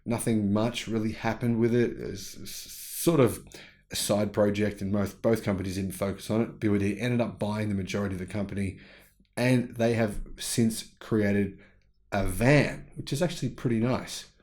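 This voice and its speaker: A man's voice: fairly low pitch, steady tone, moderate pace, darkish tone. A man hosting his own channel, giving casual, opinionated commentary and thinking aloud as he goes. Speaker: YouTube channel host. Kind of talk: casual commentary on news reports.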